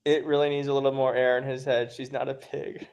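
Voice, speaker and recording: A man's voice: medium pitch, level tone, fairly quick, darkish tone, lo-fi sound. A man hosting a casual livestream from home, chatting and reading viewer comments aloud, laughing often. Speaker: livestream host.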